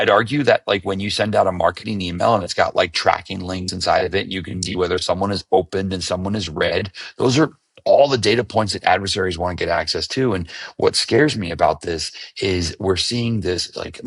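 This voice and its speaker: A man's voice: low voice, a bit bright, breathy edge, dry recording, recorded from a distance. A man co-hosting a cybersecurity podcast, chatting casually in a wry, joking way and thinking aloud with restarts. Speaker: podcast co-host.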